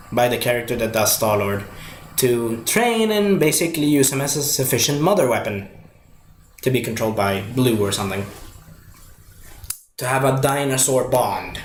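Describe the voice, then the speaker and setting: A man casually reviewing a movie, rambling with many fillers and restarts. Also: mid-range voice. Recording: echoey room with faint noise.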